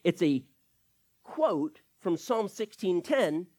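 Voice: mid-range voice, lively intonation, takes it slowly, darkish tone. A pastor preaching a sermon, working through scripture verse by verse and asking the listeners rhetorical questions.

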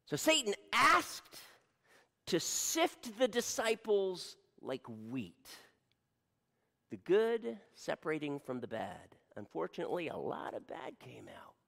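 A man preaching a sermon in a church hall, animated, asking the audience rhetorical questions and acting out scenes. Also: fairly high pitch, slow, vocal fry. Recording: long hall reverb.

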